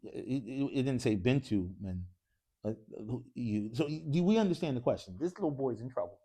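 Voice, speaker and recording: In a mosque classroom, a man teaches Arabic grammar, constantly firing questions at his students. His voice sits at a medium pitch, sounding warm and expressive at a moderate pace.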